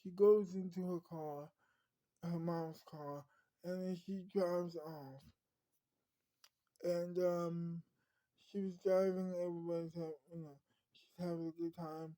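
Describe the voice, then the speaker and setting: A woman's voice: fairly low pitch, dark tone, no room sound, rough recording. A woman narrating an improvised story in a rambling way, often restarting her sentences. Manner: rambling, frequent restarts and fillers.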